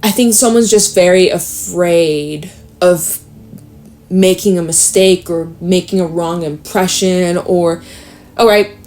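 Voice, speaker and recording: A young woman doing a casual tarot reading, chatty and thinking out loud with sudden exclamations. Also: lowish voice, slow, soft background music. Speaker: tarot reader.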